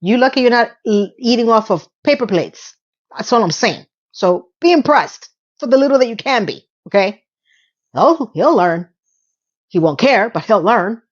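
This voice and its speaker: A woman host giving a casual episode recap, chatty and sassy, with playful asides and quick self-corrections. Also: on the high side, animated, breathy edge, muffled recording. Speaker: video host.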